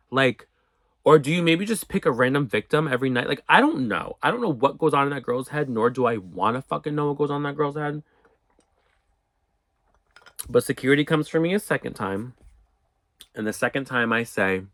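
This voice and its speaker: A young man telling a storytime in a casual, profane, animated way, acting out what people said. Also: medium pitch, a little fast, long pauses, dry recording. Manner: animated, profane, acts out quotes. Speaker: storyteller vlogger.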